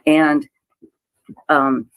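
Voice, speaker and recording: Woman, personal story, halting, repeats herself, near tears, dry close sound. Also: deep voice, level tone, smooth, dry recording, poor audio. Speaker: website owner telling her story. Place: played clip of a livestream.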